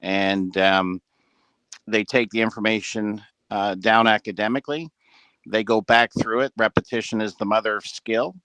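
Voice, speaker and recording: Low-voiced man giving an earnest pep talk. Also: a bit bright, no room sound. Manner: earnest, rambling with many fillers. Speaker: business leader addressing a team call. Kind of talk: motivational talk on a group call. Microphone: headset with ear monitor.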